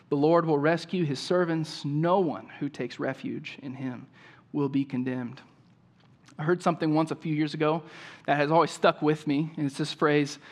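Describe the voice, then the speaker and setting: A young man preaching a sermon, reading Scripture and leading the congregation to repeat lines after him. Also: a little high. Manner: leads congregation in call-and-response, reads Scripture aloud. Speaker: pastor.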